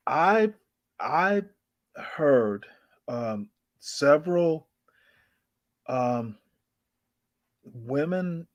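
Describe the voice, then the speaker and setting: A man in a live-stream debate, speaking bluntly and haltingly with many ums. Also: on the high side, no room sound. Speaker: debate participant. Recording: dry, dull call audio.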